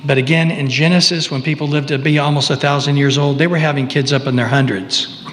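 A man's voice: on the high side, fairly even intonation, slight background noise. Conversational male preacher, hall reverb. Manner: conversational, halting, with asides. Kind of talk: sermon.

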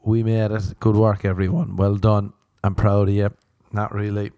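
A man's voice: on the low side, flat delivery, normal speed, hardly any pauses, warm tone, dry recording, studio quality. A young man hosting a solo comedy podcast, rambling through irreverent, sweary jokes. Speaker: podcast host.

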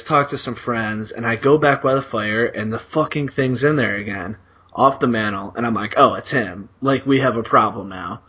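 A man's voice: mid-range voice, a bit bright, muffled recording. A man co-hosting a podcast, telling a long story in a rambling, profane way with lots of fillers. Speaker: podcast co-host. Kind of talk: casual storytelling.

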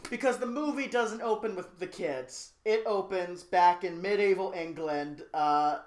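Rambling through a movie plot recap, a podcast co-host jokes around casually, tossing in plenty of fillers and quick asides. The pitch is medium, and the recording has a roomy echo.

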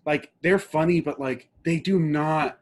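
In a slightly high, unhurried voice, a young adult man co-hosting a podcast chats casually. He rambles along with lots of fillers and restarts.

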